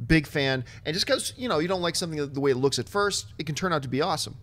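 A man giving his opinions in a casual movie panel chat, talking in an animated way. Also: fairly high pitch, fast talker. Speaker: movie talk show panelist.

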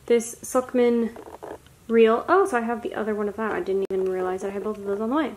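A young woman talks casually through an unboxing, gushing and excitable as she gasps over each find. Her voice sits fairly high, and a faint noise floor runs under the home recording. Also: a little fast. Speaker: vlogger. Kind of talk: casual haul unboxing chat.

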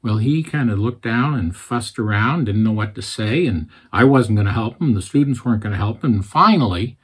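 A man's voice: fairly low pitch, expressive, brisk, husky. A man giving an earnest storytelling sermon, plainly retelling his conversations. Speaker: Christian speaker.

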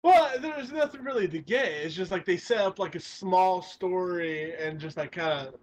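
A young man co-hosting a casual podcast, excitable and crude, laughing as he retells comedy sketches. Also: high-pitched, moderate pace. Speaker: podcast co-host.

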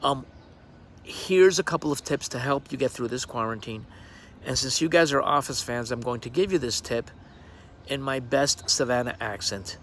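A man's voice: mid-range voice, moderate pace, a bit bright, slight background noise. Rambling man on his outdoor deck. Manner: hesitant, lots of ums and uhs. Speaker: actor recording a personal video message. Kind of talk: casual, rambling video greeting.

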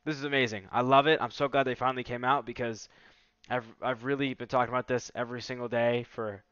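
A man hosts a relaxed, upbeat product demo with a salesy edge. His voice is smooth and resonant. The recording is dry and slightly muffled. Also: medium pitch, quick pace, no room sound. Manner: casual, enthusiastic salesy delivery. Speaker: tech vlogger host. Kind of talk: casual product demo commentary.

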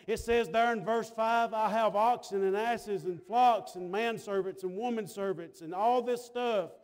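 Preacher, tenor-high voice, folksy church sermon with big swings in volume. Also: male voice, unhurried, a little mellow. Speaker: pastor. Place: church sanctuary.

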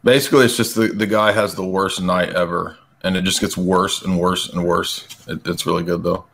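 A man's voice: sits low, fairly even intonation, creaky, fairly bright tone. A man in casual conversation, talking about movies with frequent halts as he searches for names. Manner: halting, gropes for names. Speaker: film analyst guest. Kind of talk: casual chat.

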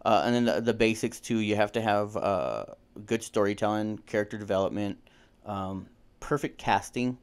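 A man's voice: on the low side, smooth. A man co-hosting a podcast, chatting casually, swearing and acting out lines with energy. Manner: animated, profane, quick to act out lines. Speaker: podcast co-host. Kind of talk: casual chat.

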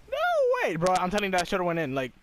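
A young male host chats casually while gaming, swearing, laughing, and letting out sudden high-pitched shouts. There's slight background noise.

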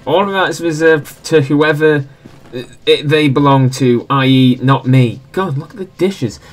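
A man's voice: on the high side, measured pace. A young man giving casual, jokey commentary while he plays a video game, rambling and mocking himself. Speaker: let's play host.

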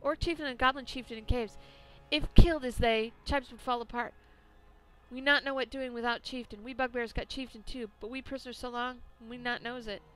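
A woman's voice: a little high, fairly even intonation, fairly quick, pushed and bright. A woman reading out a captive male bugbear's lines in broken, caveman-like grammar. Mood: explaining. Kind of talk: reading game dialogue aloud.

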